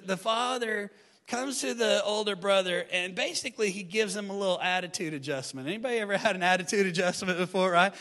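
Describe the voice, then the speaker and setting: High-voiced, bright-toned male pastor preaching. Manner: animated, playful asides to the congregation. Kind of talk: sermon. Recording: long hall reverb, faint music behind.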